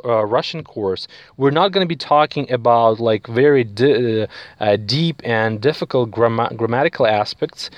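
Male language teacher, unhurried and patient, filler-heavy, dry close sound. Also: medium pitch, dry recording. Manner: slow, patient explaining with many fillers and check-ins. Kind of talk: spoken language lesson.

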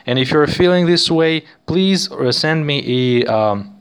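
A man's voice: fairly high pitch, animated, unhurried, smooth. A young man, teaching a casual podcast language lesson in a chatty, encouraging way with many fillers.

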